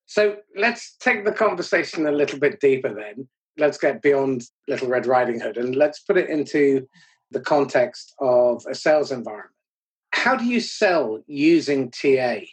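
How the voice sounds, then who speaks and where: An interviewer calmly steering the conversation with questions. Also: medium pitch, moderate pace, breathy edge, poor audio.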